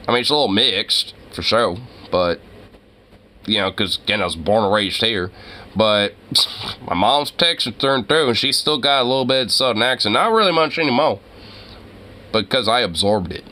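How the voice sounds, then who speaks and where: A man with a bright, forceful voice talks in a loose, rambling rant, swearing freely and breaking into laughs. His pitch sits in a middle range for a man. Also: animated, a little fast. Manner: rambling, profane, laughs often. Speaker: channel host. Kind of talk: casual commentary rant.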